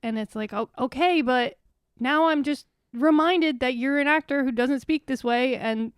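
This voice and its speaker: Young philly woman on a comedy podcast, swears a lot, wired on coffee, high smooth voice, dry mic. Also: moderate pace, no room sound. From Philadelphia suburbs. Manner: ranting, swearing, animated. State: over-caffeinated. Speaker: podcast co-host. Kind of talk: casual comedic chat.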